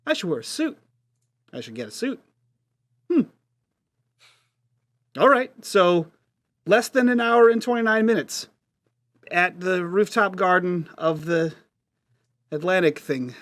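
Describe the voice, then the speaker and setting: A man's voice: high voice, a bit bright, dry recording. A man playing his character in a tabletop role-play, joking and rambling with many restarts. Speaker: player.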